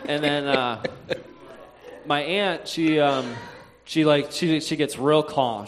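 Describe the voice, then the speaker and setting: A man telling a personal faith story in a halting way, with frequent "uh"s, sighs and restarts. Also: fairly high pitch.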